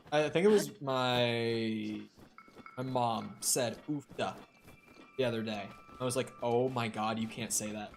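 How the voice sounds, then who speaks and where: A man with a light Minnesotan accent keeps up casual, profane chatter while he plays a game live. His voice sits at an ordinary middle pitch. A faint background hiss runs under the talk. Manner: chatty, profane, reads chat aloud. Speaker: game streamer. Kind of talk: casual live-stream commentary.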